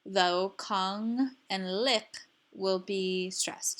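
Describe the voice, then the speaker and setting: A woman teaching a language lesson, explaining syllables slowly and repeating each example word carefully for learners. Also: mid-range voice, bright, forceful tone, a little hiss or hum. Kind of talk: slow instructional explanation.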